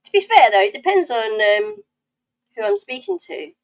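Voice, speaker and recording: A woman's voice: sits high, very animated, moderate pace, low-quality recording. A woman with a South East London accent chatting playfully with viewers while she draws on a live stream. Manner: playful, chatty, reading viewer comments aloud. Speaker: livestream art host. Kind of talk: casual chat while drawing.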